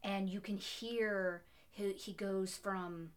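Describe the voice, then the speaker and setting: A woman's voice: mid-range voice, steady tone, takes it slowly, clean tone. Enthusiastic woman chatting about films. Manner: enthusiastic, filler-heavy with many restarts. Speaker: podcast co-host. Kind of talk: casual film discussion.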